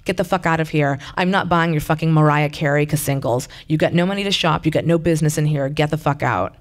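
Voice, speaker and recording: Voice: medium pitch, fast, close to an everyday voice. A tough young woman working a bookstore counter, in a story read aloud by the narrator. She speaks coldly and bluntly, her voice staying close to the reader's own. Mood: threatening. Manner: blunt, cold, profane.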